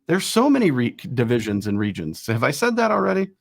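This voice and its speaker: Reading rankings briskly on a laid-back sports show, this male host cracks quick jokes at his own expense between items. His voice is middling in pitch yet gravelly and wildly swooping, recorded dry and close with no room sound.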